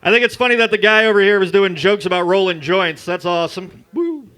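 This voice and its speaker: A man doing a crude, loud stand-up comedy set at an open mic in a bar. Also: sits high, steady tone, fast, clear, resonant tone. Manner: crude, loud, jokey storytelling. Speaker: stand-up comic.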